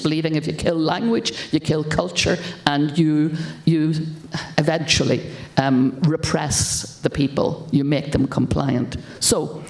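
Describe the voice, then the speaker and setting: An older Irish woman tells a story from a conference stage, repeating words to hammer her points home. Her voice carries through a roomy, echoing hall. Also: low voice. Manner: emphatic, repeats words for stress. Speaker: keynote speaker. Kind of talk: storytelling keynote speech.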